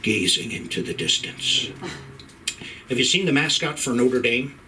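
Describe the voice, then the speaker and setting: A man's voice: medium pitch, animated, unhurried, long pauses, distant mic, background noise. A middle-aged man from Ireland doing a profane stand-up set in a comedy club, working the crowd with stammering restarts.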